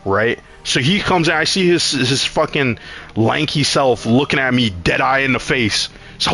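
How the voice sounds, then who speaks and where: A man's voice: mid-range voice, expressive, moderate pace, vocal fry, pushed and bright, faint music behind. A young man streaming, telling a rambling, profane story in casual chat and acting out his own lines.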